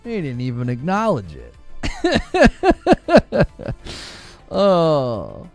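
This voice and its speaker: This gaming streamer talks extremely slowly in a gravelly, medium-pitched voice whose pitch swoops wildly. Reading chat, he jokes about slang with his live-stream audience, laughs often, and does mock-tough voices for the quoted phrases. Soft music plays in the background.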